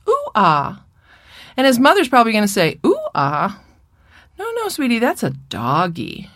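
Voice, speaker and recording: A woman giving a recorded lecture presentation on speech therapy, speaking in a clear, measured teaching voice. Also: medium pitch, no echo, studio quality. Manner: clear, measured teaching voice with playful child and mother impressions.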